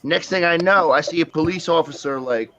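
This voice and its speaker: A man's voice: on the high side, a little fast, pushed and bright, highs cut off, a little hiss or hum. A man hosting a livestream, telling rambling, profane stories in casual chat and laughing often. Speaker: livestream host.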